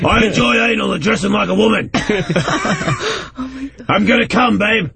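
A male radio host trading crude jokes and quick laughs with his co-host and callers. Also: high-pitched, creaky, a crowd in the background. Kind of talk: raunchy comedy radio banter.

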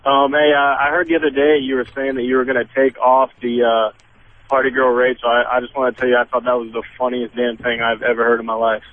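Male caller, mid pitch, rambling with fillers, tinny phone line. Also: little pitch movement, fast talker, slight background noise.

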